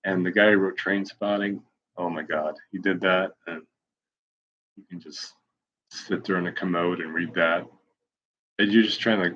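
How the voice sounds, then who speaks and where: Brief: man, 40s, low husky voice, rambling live-stream reader, self-mocking humor, dull lo-fi audio. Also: fairly even intonation, moderate pace, long pauses, fairly bright tone, a little hiss or hum. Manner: wry, self-mocking, off-the-cuff. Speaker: blogger reading his posts on a live stream.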